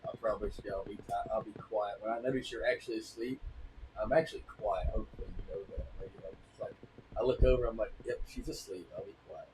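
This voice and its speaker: A man's voice: lowish voice, fairly even intonation, quick pace, noisy background. A man streaming a game and chatting to his partner and his viewers, rambling in a casual, drawling way and laughing between stories. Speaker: gaming streamer. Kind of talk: casual chat while gaming.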